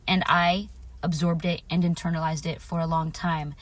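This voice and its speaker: A woman's voice: low-pitched, level tone, normal speed, dry recording. A woman vlogger telling a personal story in a casual, earnest way, repeating phrases for emphasis and affirming her viewers directly. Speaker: spiritual vlogger.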